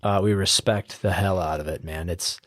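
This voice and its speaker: Upbeat, low-voiced podcast host. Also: male voice, fairly even intonation, normal speed, no echo, studio quality. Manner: upbeat, jokey, encouraging. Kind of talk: casual podcast conversation. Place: podcast studio.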